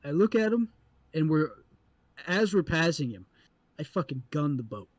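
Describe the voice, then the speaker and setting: A man co-hosting a podcast, telling a story in an animated, profane way and acting out the people in it. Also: a little high, moderate pace, no echo. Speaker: podcast co-host. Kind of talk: casual storytelling chat.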